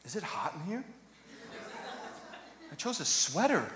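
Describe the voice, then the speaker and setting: Male pastor, higher voice, chatty sermon with bursts of passion, roomy church sound. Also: very animated, a little slow, a bit bright, a little hiss or hum. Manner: conversational preaching with jokes, rising to passionate emphasis. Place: church sanctuary. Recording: echoey hall reverb.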